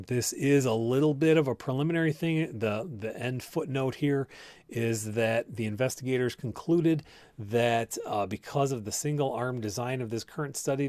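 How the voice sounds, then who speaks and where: A man's voice: mid-range voice, darkish tone, no echo. A man hosting a live-stream health talk as a clinician. He explains research and reads viewer comments in a conversational way, with many fillers and restarts. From United States. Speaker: host and clinician.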